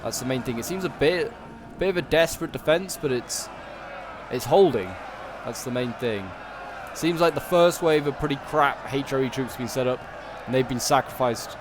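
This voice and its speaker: A fairly high-pitched man with a Yorkshire accent talks at normal speed while noise fills the background. Hosting a game channel, he drifts through casual gameplay commentary heavy on "like" and "um," correcting himself along the way.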